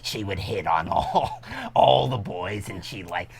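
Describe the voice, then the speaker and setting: A man putting on a croaky vain old witch woman. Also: deep voice, lively intonation, measured pace, noisy background, voice pushed down, full character voice. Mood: flirtatious.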